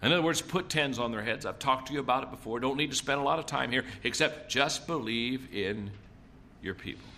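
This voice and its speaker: A mid-range male voice, bright and pushed, comes through fairly quickly with a little hiss or hum. The speaker is a middle-aged leadership presenter at a seminar who tells homespun stories and repeats points to drive them in.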